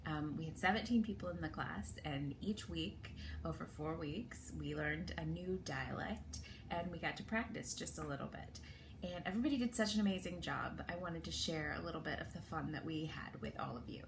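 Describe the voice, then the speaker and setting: A woman's voice: sits low, normal speed, noisy background. A woman acting teacher giving an upbeat, welcoming introduction over a video call.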